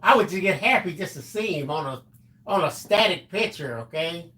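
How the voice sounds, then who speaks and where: A man's voice: on the high side, lively intonation, normal speed, bright, forceful tone. A man co-hosting a live crafting stream, chatting casually and telling stories. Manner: chatty, breaks into song. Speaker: co-host. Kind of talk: casual livestream chat.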